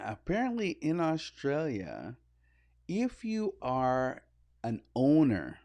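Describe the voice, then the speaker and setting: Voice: mid-range voice, no room sound, clean studio sound. A podcast co-host in casual chat who laughs a lot while telling stories. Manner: laughs a lot, lively rise and fall.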